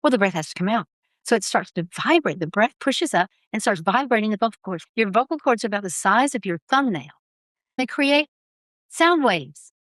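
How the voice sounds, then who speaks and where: A woman voice coach speaking in a podcast interview, with an expressive, emphatic teaching delivery. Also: medium pitch, normal speed, dry recording. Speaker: voice coach guest.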